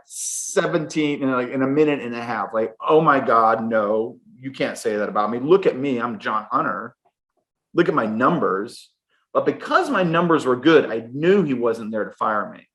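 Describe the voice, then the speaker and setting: A middle-aged man, a podcast guest, telling a candid personal story in an animated way. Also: medium pitch. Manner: candid, animated, fast bursts. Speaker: podcast guest, sales executive. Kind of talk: storytelling interview answer.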